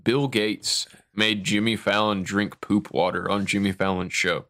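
Crude, laughing young man, low voice. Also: fairly even intonation, a little slow, sharp tone. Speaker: podcast host. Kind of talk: casual chat.

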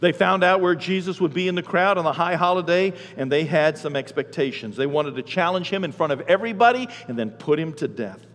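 A male pastor preaching a sermon in a folksy, animated storytelling way. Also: on the high side, fairly quick, hardly any pauses. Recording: long hall reverb.

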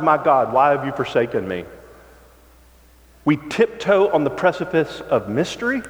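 Preaching as a pastor, this man reads scripture in a slow, drawn-out way. He shifts dramatically from forceful, loud emphasis to hushed, low passages, and a large hall gives the recording a long reverb.

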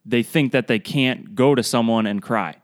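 A man's voice: medium pitch, normal speed, dry recording, clean studio sound. A man co-hosting a podcast, speaking earnestly and sincerely in casual conversation. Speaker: podcast co-host. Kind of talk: casual chat.

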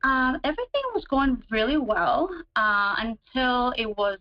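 Woman guest, casual storyteller, chatty with fillers, pitch jumps on dramatic bits; dull lo-fi audio. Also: unhurried. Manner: chatty, many fillers, relives moments with sudden higher pitch. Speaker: guest describing her relationship.

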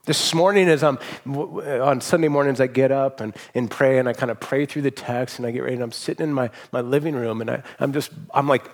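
A man preaching a sermon as pastor, in an earnest and emotional way, often restarting his words and letting his phrase endings trail off softly. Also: mid-range voice, brisk, few pauses.

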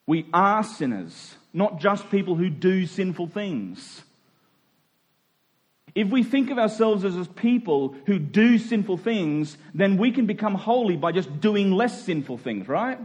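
A male pastor preaching a sermon, emphatic, slowing down to stress key words. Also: sits high, sing-song, husky.

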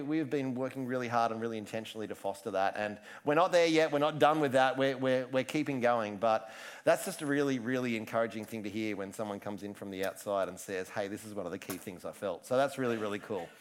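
A man's voice: mid-range voice, fairly quick. A man preaching a casual sermon, chatty and joking, often restarting his sentences. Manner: chatty, self-interrupting, joking asides. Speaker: pastor.

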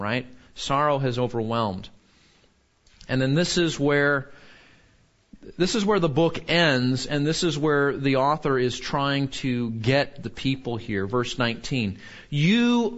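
A man preaching a sermon in an earnest way, rising high when he quotes and dropping low when he turns somber. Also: muffled recording. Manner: earnest, rises sharply when quoting and falls low when somber. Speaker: pastor.

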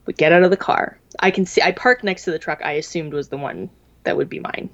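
Chatty woman podcaster with a low voice. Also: a little fast, vocal fry. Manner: rambling storytelling with many "like" fillers. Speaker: podcast co-host. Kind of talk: casual chat. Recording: dull lo-fi sound.

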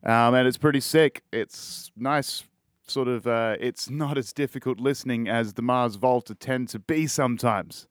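A man's voice: medium pitch, a little slow, no room sound, clean studio sound. Laid-back, cussing Australian podcast guy. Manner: rambling, swears often, laid-back. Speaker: podcast host. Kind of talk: casual music-review chat.

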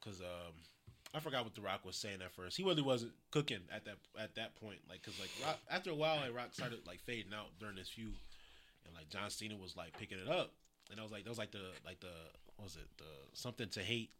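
A man's voice: fairly low pitch, lively intonation, quick pace, sharp tone, slight background noise. A young man hosting a casual podcast chat, slangy and laughing often as he acts out quotes.

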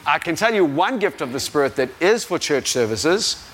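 Very animated and a bit bright, a slightly high-voiced young South African man preaches casually as a guest, speaking at a moderate pace. He wanders in his talk, jokes at his own expense, and laughs at himself a lot.

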